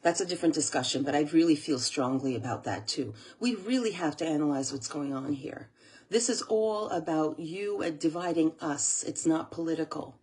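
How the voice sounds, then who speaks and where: Husky, tearful American woman. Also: low voice, moderate pace, darkish tone. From USA. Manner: earnest, tearful, repeats phrases. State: close to tears. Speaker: channel host. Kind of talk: emotional monologue to camera.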